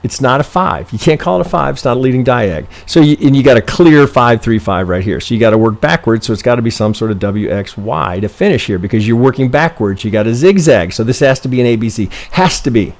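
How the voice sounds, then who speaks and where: In a loose live-stream lesson, a man goes over members' charts as a trading teacher, his mid-range voice animated and quick with hardly any pauses. He's blunt and profane, thinking out loud, breaking off mid-sentence to rephrase and tossing "right?" to viewers.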